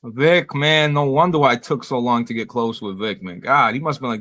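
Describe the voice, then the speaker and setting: A man's voice: medium pitch, bright, forceful tone. A man hosting a casual podcast chat. He swears freely and tells stories about himself with a self-mocking edge. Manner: swears freely, quick self-deprecating storytelling. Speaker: podcast host and streamer.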